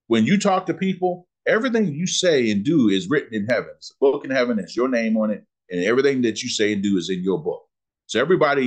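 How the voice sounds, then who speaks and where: A man, teaching a Bible lesson in sermon style, asking questions and slowing down to read scripture. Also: mid-range voice. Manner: preacherly, asks questions and answers them, slows down on scripture.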